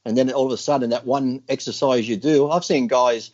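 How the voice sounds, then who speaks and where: A man co-hosting a podcast, telling animated stories in casual chat and laughing often. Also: medium pitch, a little fast, highs cut off. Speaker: podcast co-host.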